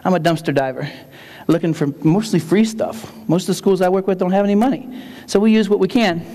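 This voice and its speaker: A man's voice: high-pitched, fairly quick, mellow, faint music behind. A man giving a humorous conference keynote, telling stories and repeating key phrases for effect. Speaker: keynote speaker. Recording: long hall reverb.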